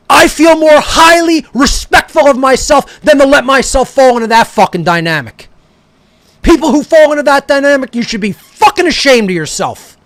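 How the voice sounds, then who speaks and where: Man, very high pitch, angry profane rant, dry close recording. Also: lively intonation, normal speed, fairly bright tone, dry recording. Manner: aggressive, berating, swearing constantly. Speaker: speaker. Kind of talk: profane ranting monologue.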